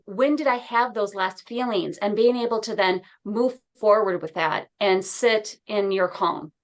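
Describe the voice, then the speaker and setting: Woman talk-radio host, mid-pitched, upbeat and affirming. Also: measured pace. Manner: upbeat, affirming, acts out quotes playfully. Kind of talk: radio talk show chat.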